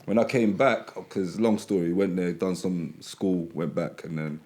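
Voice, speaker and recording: A man's voice: low-pitched, a little slow, darkish tone. A middle-aged man from Birmingham with a North London accent and a slight Birmingham twang, chatting casually as a podcast guest and often saying "you get me". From Birmingham, England. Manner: rambling, peppered with "you get me". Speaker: guest rapper.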